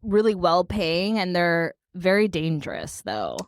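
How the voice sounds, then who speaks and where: Woman from puerto rico, fast animated storytelling, dry close sound. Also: fairly low pitch, no room sound. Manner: animated storyteller, quick bursts. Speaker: podcast co-host. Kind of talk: casual chat.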